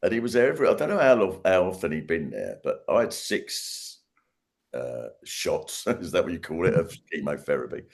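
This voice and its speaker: Deep, animated man. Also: normal speed, gravelly. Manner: animated storyteller, laughing, trailing restarts. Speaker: guest. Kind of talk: casual chat.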